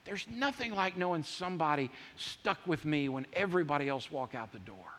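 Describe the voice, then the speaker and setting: A man preaching a sermon, emphatic and repetitive, swinging from loud declarations to hushed asides. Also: a little high, lively intonation, a little fast, slight background noise. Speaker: pastor. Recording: long hall reverb.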